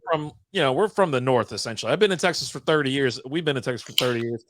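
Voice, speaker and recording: A man's voice: medium pitch, quick pace, noisy background. Chatty Kentucky-born co-host man. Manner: relaxed, chatty, laughs easily. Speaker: co-host of a beer stream. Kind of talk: casual livestream chat.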